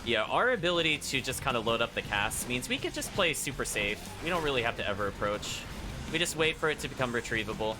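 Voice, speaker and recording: A man's voice: mid-range voice, big pitch swings, fast. A man streaming a video game, talking through his choices in a chatty, analytical way on a headset mic. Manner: chatty, analytical, uses fillers like 'like'. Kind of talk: casual gameplay commentary. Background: game music.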